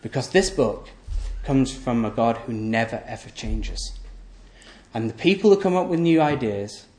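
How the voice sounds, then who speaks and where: A man preaching a sermon, emphatic and repetitive, asking rhetorical questions and letting his voice sink low and quiet at the ends of phrases. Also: measured pace, echoey room. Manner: voice often drops low and soft at the end of phrases.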